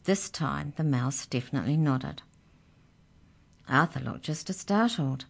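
Storyteller, woman, low voice, expressive children's reading. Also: normal speed, gravelly.

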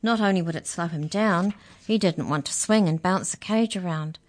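A woman reading a children's storybook aloud in a measured, unhurried way. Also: fairly low pitch.

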